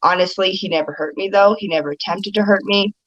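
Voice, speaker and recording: A woman's voice: medium pitch, fast, fairly bright tone, dry recording, highs cut off. A woman guest chatting casually on a video call, telling stories loosely and laughing often. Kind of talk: casual live-stream chat.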